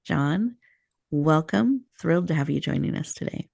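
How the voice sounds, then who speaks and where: Soothing woman host with a gravelly voice. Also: low-pitched, animated, darkish tone, dry recording. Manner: soothing, slow and affirming. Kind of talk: guided breathing meditation.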